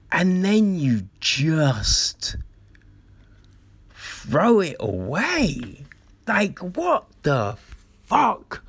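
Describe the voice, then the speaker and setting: A man in a casual sports rant, exasperated and fond of swearing. His delivery is slow and drawn out, his pitch rising and falling widely. The sound is dry and close. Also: slightly rough, no room sound. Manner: exasperated, repeats phrases, swears often. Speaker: football commentator.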